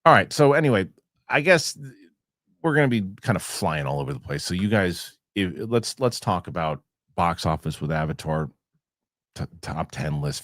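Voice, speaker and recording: A man's voice: a bass voice, dry recording, studio quality. A man hosting a casual movie chat show, talking. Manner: rambling with many restarts. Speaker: host.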